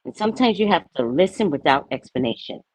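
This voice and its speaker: A woman's voice: deep voice, fast talker, breathy edge, no room sound, rough recording. A woman in her fifties, a spiritual talk host, giving a blunt, candid monologue full of personal stories and frank language. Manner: blunt, animated storytelling with frank swearing.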